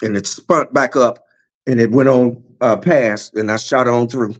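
Guy hosting a spiritual podcast, preachy rhythm, keeps repeating himself for emphasis, mid pitch. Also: fairly even intonation, unhurried, lo-fi sound. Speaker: podcast host. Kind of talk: casual spiritual chat.

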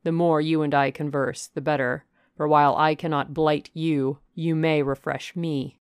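A woman reading the part of a brooding, passionate middle-aged gentleman in an audiobook, with a forceful, declamatory delivery. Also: sits low, fairly even intonation, normal speed, smooth, no room sound, studio quality. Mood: musing.

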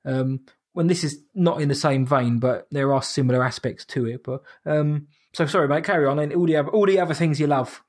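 A man with a somewhat high voice co-hosts a casual podcast, talking briskly as he rambles through a recap of a horror film and keeps restarting his sentences.

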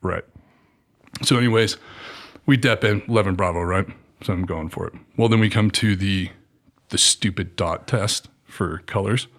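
A man from Southern California speaks in a low, easygoing voice as a podcast guest. He tells his story casually, full of slang, and acts out the dialogue with sudden jumps in pitch. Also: normal speed. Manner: animated, acts out quoted dialogue with swings in pitch; laid-back slangy talk with frequent fillers.

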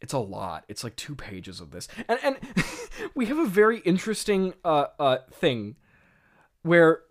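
Speaking at a measured pace, this man has a higher voice with huge swings in pitch. He goes over a script he wrote long ago, poking fun at himself, giggling frequently and peppering his talk with fillers.

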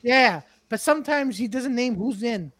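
A podcast guest talking loosely and excitably, often stumbling and repeating words. The voice sits at a middling pitch. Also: moderate pace, dry recording. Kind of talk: casual banter.

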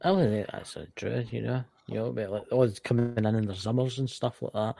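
A man's voice: lowish voice, a little fast, vocal fry, few pauses, mellow, no room sound. A Scottish man co-hosting a podcast, chatting casually in a rambling, joking way. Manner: rambling, swearing, banter. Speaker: podcast co-host. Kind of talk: casual chat.

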